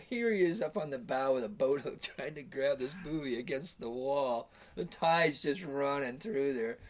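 Here a middle-aged man with a medium-pitched, expressive voice spins rambling fishing yarns at a measured pace. He curses freely, chuckles often and keeps backing up to restart what he's saying.

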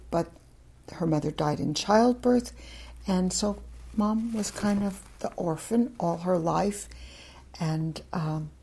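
Older woman, gravelly husky storyteller. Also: fairly low pitch, dark tone. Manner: talkative, frank, wandering anecdotes. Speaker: interviewee, former German teacher. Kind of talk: oral history storytelling.

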